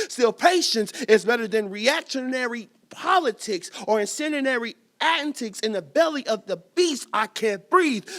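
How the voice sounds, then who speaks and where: A man performing spoken-word poetry at a live reading, with a rhythmic refrain that swings from whispers to loud emphasis. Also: high-pitched. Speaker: poet reading at a live event. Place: performance venue.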